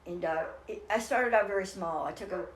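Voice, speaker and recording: Speaking a little fast in a lowish voice, an older woman recounts a personal story as an interview guest, sincere and meandering with frequent restarts. There is background noise, and the room gives the audio a noticeable echo.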